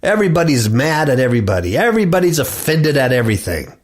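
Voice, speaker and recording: A man's voice: mid-range voice, big pitch swings, fast. A man preaching and reading scripture aloud, emphatic and repeating words for effect. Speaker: preacher hosting a religious talk show.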